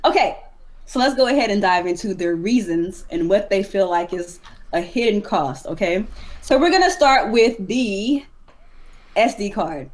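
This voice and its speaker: A woman hosting a casual gaming podcast, talking in a chatty, animated way and sounding exasperated at times. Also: medium pitch, noisy background. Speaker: podcast host.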